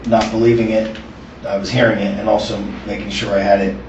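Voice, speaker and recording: A man being interviewed, giving an earnest, halting account of a conversation he recorded. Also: on the low side, level tone, background noise. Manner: earnest, halting retelling with restarts. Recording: echoey room, far from the mic, muffled.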